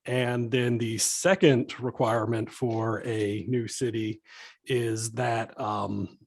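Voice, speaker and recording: A man's voice: medium pitch, little pitch movement, slow, vocal fry, darkish tone. A man explaining minimum legal standards to a committee in a plain, explanatory way, with some restarts. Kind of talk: explaining statute at a hearing.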